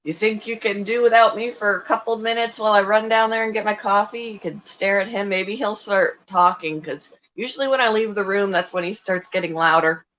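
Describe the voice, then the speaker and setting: A woman's voice: medium pitch, a little fast, few pauses, a bit bright, lo-fi sound, a little hiss or hum. A middle-aged woman hosting a casual livestream, chatting in a rambling way with frequent ums as she talks about her pets. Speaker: livestream host and pet keeper.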